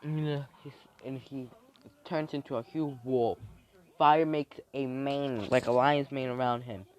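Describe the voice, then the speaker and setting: A man's voice: mid-range voice, fairly even intonation, measured pace, darkish tone. A man making up a fan story as he goes, rambling with many restarts and ums. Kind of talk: improvised fan-fiction storytelling. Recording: dull lo-fi recording.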